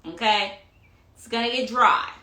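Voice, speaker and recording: Forceful and bright, her fairly high voice moves at an unhurried pace and reverberates through the space. She's a tarot reader on an Instagram phone stream delivering a sassy, swear-filled astrology rant about self-love, calling her listeners honey.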